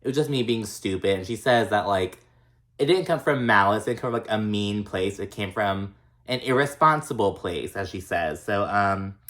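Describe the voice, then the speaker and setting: A man's voice: fairly low pitch, animated, moderate pace, a bit bright. A man casually recapping a reality TV episode, chatty and profane, full of likes and ums, with sassy, exasperated asides.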